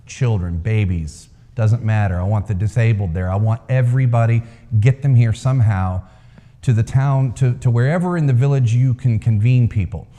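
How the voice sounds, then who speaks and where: A man voicing a mysterious old male sage who speaks in slow, booming questions and curt refusals. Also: warm tone, natural voice. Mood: insistent. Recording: long hall reverb.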